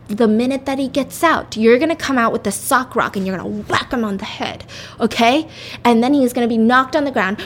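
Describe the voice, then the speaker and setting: A woman's voice: a little high, slight background noise, lightly acted. A woman voicing a determined young woman who urgently plots how to overpower a captor, spoken close to her own voice. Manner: urgent, scheming.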